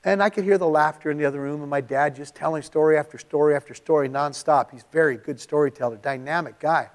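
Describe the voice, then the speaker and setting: Middle-aged pastor, confessional hush. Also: male voice, on the high side, fast. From California. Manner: emotional, confessional, drops to near-hush. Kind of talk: sermon storytelling. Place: church.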